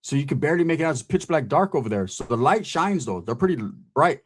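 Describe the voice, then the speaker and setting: A man with a slightly raised voice tells a story in a loose, profane street-slang style. He keeps checking in with listeners and gets animated as the tension builds. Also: on the high side, fast, breathy edge. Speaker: podcast host telling a story. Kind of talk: casual storytelling.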